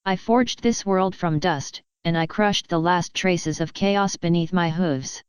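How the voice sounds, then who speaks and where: A woman's voice: fairly low pitch, a little slow, smooth, dry recording, natural voice. A woman voicing a regal, once-warlike pony princess who speaks formally, in a storybook reading. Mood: proud. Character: stern warrior pony princess, commanding yet tender.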